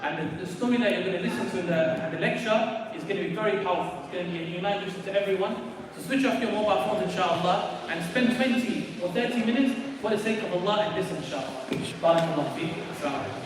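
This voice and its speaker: A man's voice: high voice, fast. A man hosting a mosque event and introducing a guest speaker in a loose, casual way, sprinkling religious phrases throughout. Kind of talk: casual announcement. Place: mosque prayer hall. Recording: echoey hall from far off with noise.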